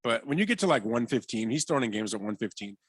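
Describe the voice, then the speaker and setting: A man's voice: medium pitch, animated, fast talker, a bit bright, breathy edge, no room sound. A middle-aged man co-hosting a radio show, chatting in a casual, easygoing, agreeable way. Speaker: radio co-host. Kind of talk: casual sports radio chat.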